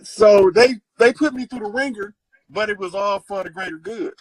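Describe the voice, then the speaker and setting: A man telling stories in a casual chat, animated and profane, acting out the people he quotes. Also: sits high, moderate pace, low-quality recording. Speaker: guest storyteller. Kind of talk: casual storytelling.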